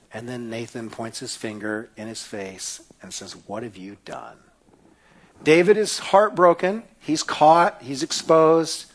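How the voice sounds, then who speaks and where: Male preacher with a slightly high voice, storytelling sermon, dramatic swings from hush to loud. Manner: casual modern phrasing.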